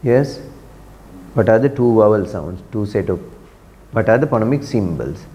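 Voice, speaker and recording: A man's voice: fairly low pitch, animated, warm tone, long reverb tail. A man teaching an English pronunciation lesson, repeating words and quizzing students in a classroom. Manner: drills words slowly, repeating them, asking students questions.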